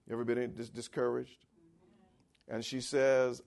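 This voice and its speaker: A man with a gravelly, creaky voice preaches a sermon, talking to his listeners as if chatting with them. He keeps asking for amens and swings his pitch and volume up and down for emphasis. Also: a little slow, long pauses, darkish tone. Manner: conversational preaching with call-and-response amens. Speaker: pastor.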